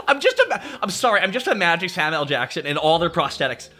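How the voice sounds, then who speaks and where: A young man on a livestream, ranting loosely and swearing freely. His fairly high, bright voice swings widely in pitch as he gets worked up, and he breaks into laughter often. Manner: profane, animated, laughs often. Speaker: VTuber streamer. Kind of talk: casual livestream rant.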